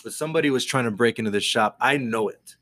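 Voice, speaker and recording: A man's voice: mid-range voice, quick pace, fairly bright tone, dry recording. A man who cuts hair, co-hosting a casual podcast in a barbershop, talking in a sarcastic, profane, playful way.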